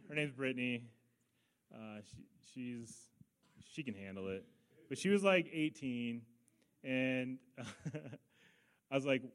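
Middle-aged male pastor with a fairly high voice, mid-sermon, animated storyteller with quick asides.

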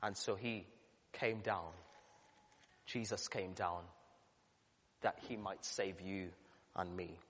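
A man, a pastor, delivering a sermon with earnest emphasis that swells to loud peaks. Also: low-pitched, steady tone, slow pace, pauses often, slightly rough. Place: church. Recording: long church reverb.

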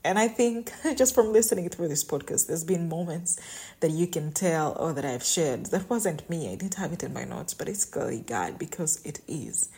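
A shy, soft-spoken woman hosting a devotional Bible-reading podcast, emotional and often laughing as she talks, recording while on vacation. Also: deep voice, lively intonation, normal speed. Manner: shy, introverted. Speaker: podcast host. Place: vacation lodging.

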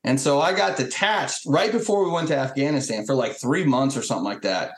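A man, a military veteran and podcast guest, telling profane war stories in a lively, animated way and acting out the quotes. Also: medium pitch, brisk. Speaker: guest, Marine Corps veteran. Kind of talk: casual profane storytelling. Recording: roomy echo.

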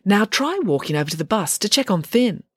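A woman doing a self-satisfied girl who gloats in a prim, superior tone. Her pitch swings up in delighted flourishes. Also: very animated, brisk, breathy edge, no room sound, clean studio sound. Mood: gloating. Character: smug, gloating schoolgirl.

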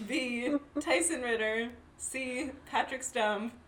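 A woman's voice: on the high side, fairly bright tone, slight background noise. A woman hosting a playful quiz game for a friend, reading questions and answer options in a teasing way. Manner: teasing, reads options slowly. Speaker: quizmaster.

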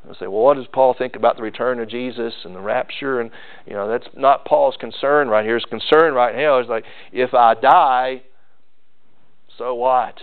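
A man's voice: medium pitch, fairly quick, creaky. A male pastor preaching a sermon in a folksy, emphatic way, repeating key phrases. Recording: tinny phone-like sound.

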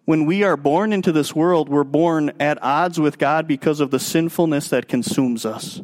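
A man preaching a sermon as pastor, emphatic, moving between raised passages and quiet, drawn-out stretches. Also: on the high side. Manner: emphatic, swinging between raised and hushed delivery.

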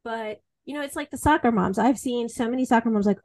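Lady host, higher pitch but mellow, candid and wry. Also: fast talker, no room sound. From Southern United States. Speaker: podcast host. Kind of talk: casual conversational interview.

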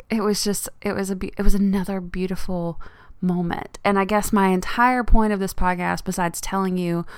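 A woman hosts her own solo podcast in a medium-pitched voice with vocal fry and a clean tone, recorded dry. She's chatty and rambling, laughing often through her casual monologue.

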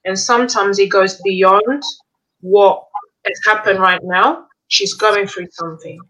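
A middle-aged woman with a bright, forceful voice, chatting casually as a guest about raising her child. She tells her stories with animation, slipping into the voices of the people she quotes. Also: mid-range voice, unhurried, low-quality recording. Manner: lively, acts out quoted dialogue. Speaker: mother and parenting guest. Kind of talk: casual conversational storytelling.

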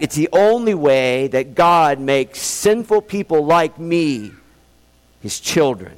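A man preaching a sermon in an earnest, pleading way, slowing down to stress key words. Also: a little high. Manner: earnest, pleading, slows for emphasis. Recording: long hall reverb.

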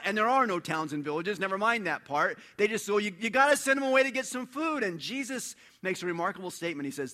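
A man preaching a sermon in an animated storytelling way, dropping to a hush and then rising loud. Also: high voice, fast, hardly any pauses. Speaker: pastor.

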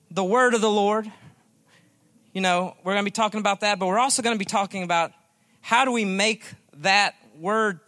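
A man giving a sermon as a guest preacher, folksy and joking, slowing down to stress his points. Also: sits high, sharp tone.

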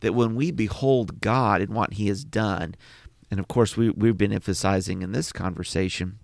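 A man with a low, gravelly voice talks reflectively in a Bible discussion. He affirms his co-host and paints the scene in vivid terms. The sound is dry and close. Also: moderate pace, darkish tone, dry recording. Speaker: Bible study podcast co-host.

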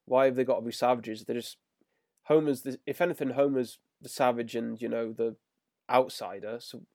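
A man's voice: mid-range voice, steady tone, normal speed, darkish tone, no room sound, studio quality. A man co-hosting a podcast, casually and grumpily picking apart a cartoon episode. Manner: grumbling, exasperated critique. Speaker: podcast co-host. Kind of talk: casual episode review chat.

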